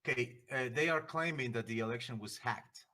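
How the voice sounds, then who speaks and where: A man in a heated online voice-chat argument, talking in halting starts and stammered restarts. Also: mid-range voice, sharp tone.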